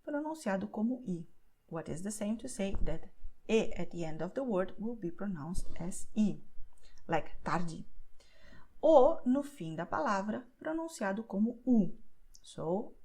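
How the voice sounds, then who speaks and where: A woman teaching a beginner's pronunciation lesson, explaining patiently and clearly and often checking in with "okay?". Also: medium pitch, warm tone. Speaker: language teacher.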